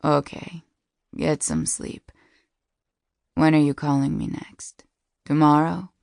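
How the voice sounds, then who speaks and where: A woman reads the part of a drowsy young man chatting on a late-night phone call, his voice soft, low and gently teasing. He sounds unhurried and relaxed, with a slight gravelly edge in a dry, close recording. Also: dry recording, exaggerated voice. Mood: sleepy, teasing.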